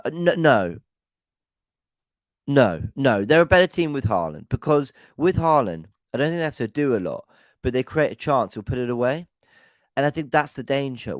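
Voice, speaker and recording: A young man hosts a live fan chat before a match, rambling and eager as he reads out viewer comments. His voice sits a little low. The sound is dry and close, with no room around it. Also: no room sound. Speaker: fan channel host.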